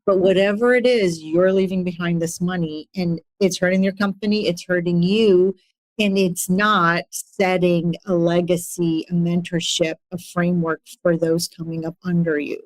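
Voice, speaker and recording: A woman's voice: on the low side, moderate pace, no room sound. A woman in her forties, an executive coach, telling her story earnestly as a podcast guest. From immigrant to the United States. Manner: earnest, animated when retelling stories.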